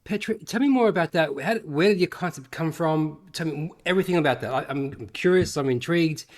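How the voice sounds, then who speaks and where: Fast-talking Australian man hosting. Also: on the high side. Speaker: podcast host. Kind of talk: casual interview chat.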